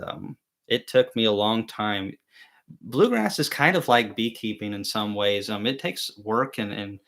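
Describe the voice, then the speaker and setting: Young male host, low voice, easygoing storyteller who rambles and restarts, self-deprecating humor. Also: fairly bright tone. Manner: rambling, chatty storytelling with many fillers and restarts. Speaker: beekeeping channel host. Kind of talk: casual live-stream chat.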